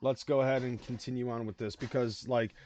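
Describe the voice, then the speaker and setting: A man's voice: medium pitch, flat delivery, fairly quick, darkish tone. A man hosting a livestream, rambling in casual reaction commentary, with lots of swearing and fillers. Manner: rambling, profane, many fillers. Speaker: livestream host.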